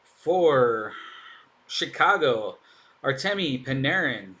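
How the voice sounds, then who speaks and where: A man's voice: medium pitch, animated, slow pace, pushed and bright. A man hosting a live card break, chatting in an upbeat way as he opens packs and thinks aloud. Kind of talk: casual live commentary while opening packs.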